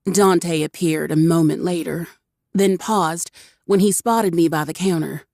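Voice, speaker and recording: A woman narrating a first-person audiobook with wry, expressive storytelling. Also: on the low side, unhurried, gravelly, dry recording, studio quality.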